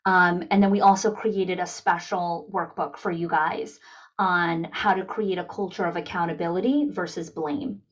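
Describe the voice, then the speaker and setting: A woman leading an online town hall for school leaders, talking in an energetic coaching manner and acting out the voices of people she quotes. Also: fairly low pitch, moderate pace, lo-fi sound.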